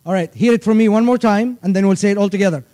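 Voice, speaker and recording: Guy teaching kids a church hymn, high smooth voice, dry close sound. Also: mellow, no echo, poor audio. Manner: patient, repeats phrases slowly, sings the verse drawn out. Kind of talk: teaching a chant line by line to children. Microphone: livestream.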